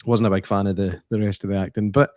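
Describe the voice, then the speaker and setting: A Scottish man chatting casually on a film podcast, animated and sweary as he tells stories. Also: lowish voice, fast, dry recording, studio quality. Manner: animated, swears and laughs while telling anecdotes. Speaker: podcast co-host. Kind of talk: casual film review chat.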